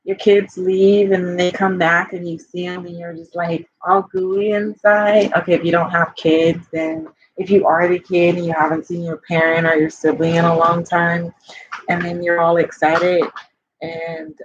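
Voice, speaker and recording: A woman life coach in a personal vlog, talking in a confessional, rambling way full of fillers. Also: fairly low pitch. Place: home by a fire. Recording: dull lo-fi sound.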